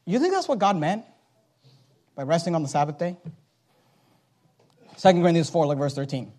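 A man preaching a sermon, reading scripture aloud and swinging from quiet asides to loud, slowed-down emphasis. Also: a little high, big pitch swings. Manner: reads King James scripture aloud, slowing for emphasis.

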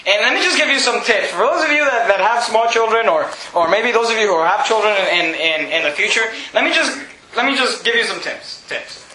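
Very high-voiced, bright male preacher. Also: lively intonation, fairly quick, hardly any pauses, a little hiss or hum. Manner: emphatic preaching, often shouting, chuckling. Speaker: pastor. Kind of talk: sermon. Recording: roomy echo.

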